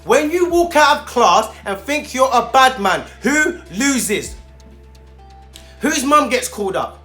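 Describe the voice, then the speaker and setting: A man's voice: very high voice, sing-song, takes it slowly, bright, forceful tone, faint music behind. A man, a youth mentor ranting straight to camera in fired-up, preachy street talk, repeating himself for emphasis. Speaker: youth mentor speaking to young people. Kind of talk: direct-to-camera rant.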